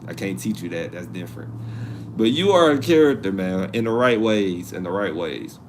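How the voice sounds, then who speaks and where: A man hosting a live stream in casual chat, reading viewer comments aloud and answering in an animated, slangy way that repeats itself. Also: low voice, moderate pace, slight background noise. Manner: animated, repeats himself, slangy asides and laughs.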